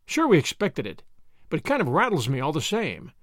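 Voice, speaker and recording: A man's voice: a little high, huge pitch swings, a little fast, no room sound, studio quality. A man voicing a brash young man, drawling and confident. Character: brash young American man, eager and cocky.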